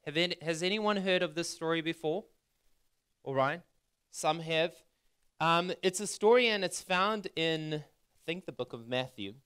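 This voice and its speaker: A man preaching a sermon in a bright, crisp voice that sits a little higher than most men's. He talks conversationally, asking questions of his listeners and putting scripture into everyday words. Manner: reads scripture aloud and retells it in plain words. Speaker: pastor.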